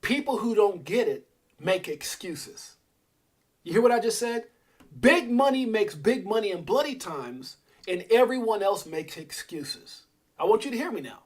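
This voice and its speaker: Husky, fired-up man preaching on a livestream. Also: sits high, expressive, unhurried. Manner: preachy, fired up, shouting out chat viewers by name. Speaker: crypto livestream host. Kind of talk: energetic motivational livestream rant.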